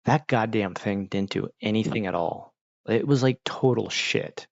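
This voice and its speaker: Gravelly casual man, animated rambling. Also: on the low side, measured pace, dry recording. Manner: animated, profane, often jumps into exaggerated voices. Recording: dull lo-fi dry sound.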